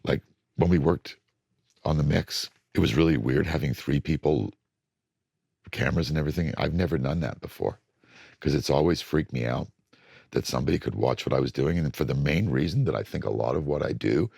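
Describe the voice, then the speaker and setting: An older man with a very deep, raspy, gravelly voice tells studio stories with lively swings in pitch. He sounds husky and worn. The recording is dry and close. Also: fairly quick, no echo. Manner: animated storytelling, acts out studio voices. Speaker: record producer. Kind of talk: casual interview talk.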